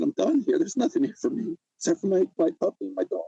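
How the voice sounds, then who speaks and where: A man's voice: sits high, expressive, fast, gravelly, dark tone, husky, no room sound, lo-fi sound. An older man telling his own story in an emotional interview, agitated and often repeating himself. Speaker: interview guest.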